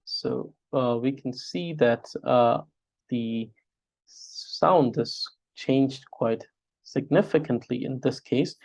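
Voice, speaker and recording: Guy teaching spelling, slow and halting, chants syllables over and over. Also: medium pitch, creaky, a little mellow. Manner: patient, halting, drills syllables aloud. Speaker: Tibetan language teacher.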